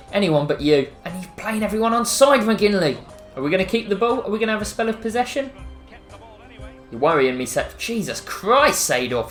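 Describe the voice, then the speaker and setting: A man's voice: sits high, sing-song, fairly quick, a bit bright. An English man giving chatty, self-mocking commentary over a football video game, recorded in an echoey room with faint music behind. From England. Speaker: gaming YouTuber. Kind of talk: casual gameplay commentary.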